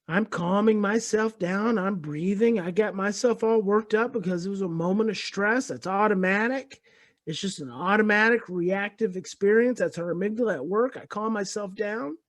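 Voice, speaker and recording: A man lectures on parenting and walks the audience through a personal story. His delivery is earnest and unhurried, and he circles back to repeat his key points. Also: high-pitched. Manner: earnest, repetitive, explains calmly. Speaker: speaker on parenting and attachment.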